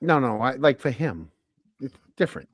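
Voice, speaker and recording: Male podcast host, animated higher voice, dry sound, joking. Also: normal speed, dry recording. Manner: joking, reads chat donations aloud. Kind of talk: casual chat.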